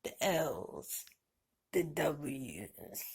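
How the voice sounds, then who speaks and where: A middle-aged woman talks slowly to her camera from home in a low, gravelly voice. Her tone is rough and husky, and she offers folksy, heartfelt advice with blessings. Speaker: vlogger. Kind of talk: casual talk to camera. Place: indoors at home.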